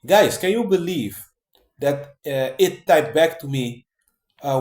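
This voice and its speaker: A man's voice: fairly high pitch, animated, slow pace, darkish tone, echoey room. A man talking casually to his viewers in a rambling way, full of fillers, restarts and "man" and "guys". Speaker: vlogger. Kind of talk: casual monologue to camera.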